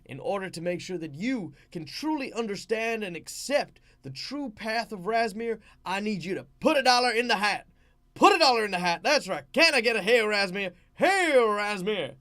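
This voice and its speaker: A man putting on a fervent, loud cleric of a made-up god who preaches like a revivalist and begs for donations. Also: big pitch swings, heavily acted. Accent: Australian. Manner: booming, drawn-out revivalist preaching.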